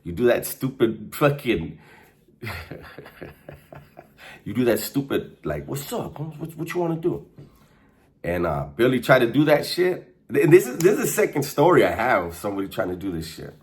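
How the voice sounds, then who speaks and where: A man's voice: lowish voice, sing-song, moderate pace. A man telling a prison story in a casual, slangy monologue, laughing now and then. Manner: laid-back, slangy, laughs while telling. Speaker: storyteller recounting prison life.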